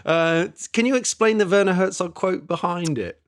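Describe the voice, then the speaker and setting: A man co-hosting a podcast in casual chat, talking haltingly with many fillers and restarts. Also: sits high. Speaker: podcast co-host.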